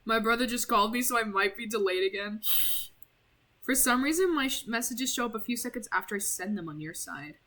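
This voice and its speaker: A woman's voice: a little high, expressive, fairly quick, sharp tone, rough recording. A young woman casually commenting while streaming a game, rambling and apologetic, with lots of "like". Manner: chatty, rambling, heavy use of "like", apologetic.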